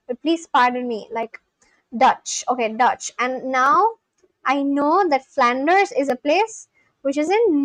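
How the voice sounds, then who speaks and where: High-voiced chatty woman streamer. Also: dry recording. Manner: chatty, laughs often, apologetic self-corrections. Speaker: livestream host. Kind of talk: casual chat reading live chat aloud.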